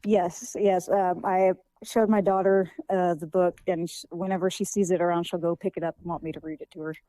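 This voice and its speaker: A woman's voice: on the low side, little pitch movement, a little fast, dark tone, dry recording, rough recording. A young woman, a children's author, answering interview questions in a casual, hesitant way with many fillers and restarts. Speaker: guest author.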